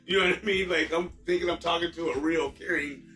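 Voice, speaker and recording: A man's voice: a little high, quick pace. A man in his forties telling a frustrated story in casual chat and acting out both sides of the conversation. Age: 40s. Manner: animated ranting storyteller acting out dialogue. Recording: roomy, distant mic, faint music.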